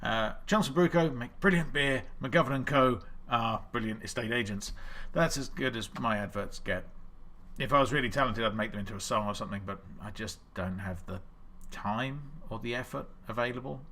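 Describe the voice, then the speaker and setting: A man's voice: mid-range voice, moderate pace, pushed and bright. Chatty man hosting a quiz. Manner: chatty and self-deprecating, greets viewers by name. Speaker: online quiz host. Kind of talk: live-stream chat.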